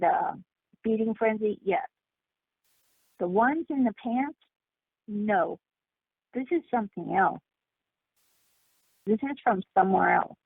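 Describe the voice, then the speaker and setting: A woman guest on a call-in talk show, telling her story in an animated, emphatic way over the phone. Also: mid-range voice, gravelly, breathy edge, no room sound. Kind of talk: casual phone interview. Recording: tinny phone line.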